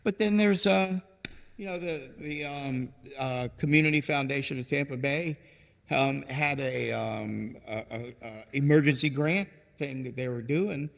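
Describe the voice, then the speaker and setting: Man, gravelly voice, rambling storyteller, casual interview, long room reverb. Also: mid-range voice, measured pace. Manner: rambling, animated storyteller who acts out quotes. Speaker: ministry founder, podcast guest.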